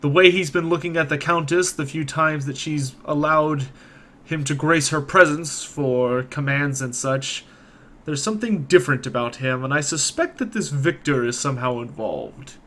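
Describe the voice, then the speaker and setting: A man voicing a scheming male city official who speaks in a measured, insinuating way. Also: on the high side, fairly bright tone, natural voice. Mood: sly.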